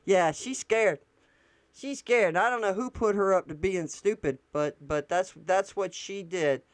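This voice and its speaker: A woman's voice: medium pitch, a little slow, dry recording. A woman, doing casual political commentary and reacting to posts on screen in a blunt, profane way.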